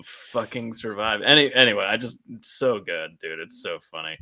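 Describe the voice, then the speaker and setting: Podcast co-host, male, bright lively voice, laughs a lot and acts scenes out. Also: on the low side, moderate pace. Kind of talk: casual comic book discussion.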